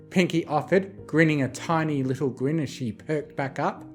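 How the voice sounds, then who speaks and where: A narrator reading romantic fanfiction aloud as a bedtime story, calmly and expressively. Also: medium pitch, normal speed, hardly any pauses, faint music behind. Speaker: fanfiction reader.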